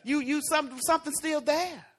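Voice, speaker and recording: A woman preacher giving a folksy, conversational sermon, swinging from loud emphatic lines to hushed asides. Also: high voice, moderate pace.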